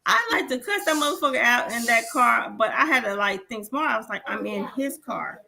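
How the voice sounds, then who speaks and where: A woman's voice: on the high side, animated, fairly quick, gravelly, pushed and bright. A woman in her forties, a podcast co-host, telling stories animatedly and swearing freely as she acts out the dialogue. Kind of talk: casual storytelling chat.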